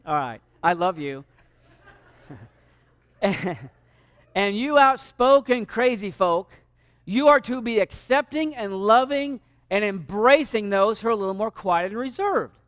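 A man preaching a sermon in a church sanctuary, animated and shifting loudness for emphasis. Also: high voice, measured pace, clear, resonant tone, dry recording, clean studio sound. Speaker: pastor.

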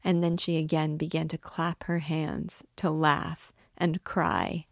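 A woman teacher reading a classic novel aloud in a measured, expressive narrating voice. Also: deep voice, gravelly, dry recording, studio quality. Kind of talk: audiobook-style novel reading.

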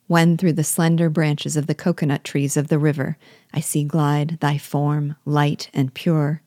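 A woman's voice: sits low, dark tone, no room sound, clean studio sound. A woman reading a plaintive exiled king's song. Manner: plaintive, sorrowful, growing menacing. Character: mysterious man, a plaintive exiled former king.

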